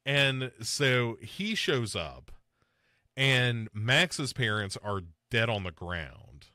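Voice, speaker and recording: A man chats casually as podcast host, his bright, forceful voice jumping around whenever he mocks a character. The sound is dry and close, with no room around it. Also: very slow, no room sound. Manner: animated, swings pitch up to mock and mimic film characters. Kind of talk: casual chat reviewing a film.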